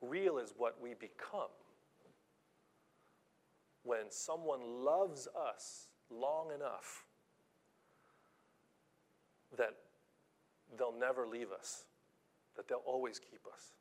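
Guy doing a kind old worn-out toy horse, calm and reassuring, storybook feel. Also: mid-range voice, slow pace, long pauses. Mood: gentle.

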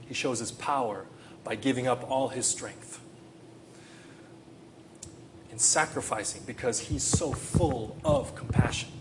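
An impassioned male preacher delivering a sermon in a church, his voice swelling into loud, pleading questions and then sinking low and hushed. He sits at an ordinary middle pitch, with a faint hiss of noise behind him. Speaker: pastor.

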